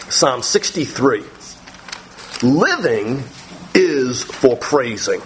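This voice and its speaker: A man preaching a sermon on the Psalms, talking straight to his listeners and reading scripture slowly with emphasis. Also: on the high side, expressive, a little hiss or hum. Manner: talks directly to listeners, thinks aloud. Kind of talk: sermon teaching through the Psalms.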